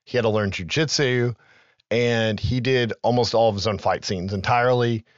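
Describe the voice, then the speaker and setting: A man's voice: mid-range voice, steady tone, moderate pace, no echo, muffled recording. Casual man recapping a movie on a podcast. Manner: conversational, recaps film trivia with loose asides and profanity. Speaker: podcast co-host.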